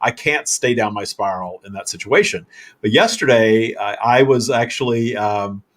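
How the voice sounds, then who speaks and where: A man hosting a casual live-stream chat, telling stories in an animated way and laughing often. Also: lowish voice, moderate pace. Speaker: host.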